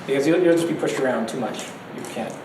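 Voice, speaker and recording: A man's voice: medium pitch, quick pace. A man giving a casual go lecture in a classroom, chatty and laughing between points. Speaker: go teacher. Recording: echoey room, distant mic, noisy.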